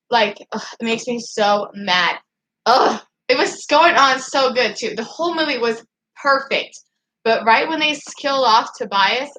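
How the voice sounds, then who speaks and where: A woman's voice: a little high, bright, forceful tone, a little hiss or hum, low-quality recording. A woman on a casual livestream, rambling and emotional, still upset after crying, with nervous laughs and many fillers while she answers her chat. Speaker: livestreaming vlogger.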